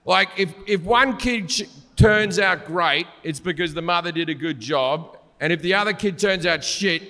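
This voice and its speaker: A man's voice: sits high, normal speed, sharp tone, long reverb tail. A man guesting on a live podcast who tells rambling stories in a blunt, crude way and laughs at his own jokes. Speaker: guest comedian.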